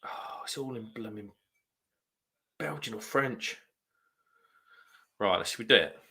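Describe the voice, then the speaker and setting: Chatty man, bright voice. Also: on the low side, measured pace, vocal fry. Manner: rambling and chatty, reads viewer comments aloud. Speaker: beer reviewer hosting a live stream. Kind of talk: casual live stream chat.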